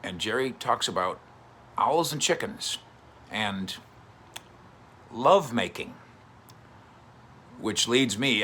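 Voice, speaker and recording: Male sports columnist, 50s, chatty storyteller, bright forceful tone. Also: lowish voice, a little hiss or hum. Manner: chatty, animated storytelling with fillers. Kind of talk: casual commentary to camera.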